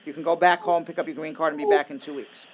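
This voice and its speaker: A male call-in host with a somewhat high voice talks with brisk confidence. He lays out answers plainly and teases his co-host between calls. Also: level tone. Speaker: immigration lawyer and radio host. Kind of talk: call-in radio advice.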